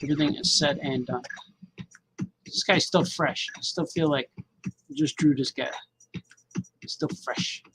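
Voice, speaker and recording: A man's voice: a little high, steady tone, measured pace, pauses often, over music, low-quality recording. A man rambling and joking to himself while drawing, calling everyone "man". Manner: talks to himself, musing and joking, says "man" often. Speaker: cartoonist drawing on camera.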